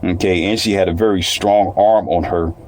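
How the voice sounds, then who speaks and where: A man's voice: deep voice, fairly even intonation, moderate pace, darkish tone. A man telling a personal story in casual, colloquial speech, repeating phrases and addressing listeners directly.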